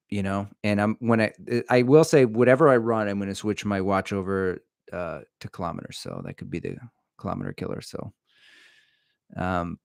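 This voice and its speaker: Low-voiced man chatting on a livestream. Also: vocal fry, smooth, no echo, studio quality. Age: middle-aged. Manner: rambling, jokey, reads viewer comments aloud. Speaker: livestream host answering chat. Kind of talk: casual live-stream chat.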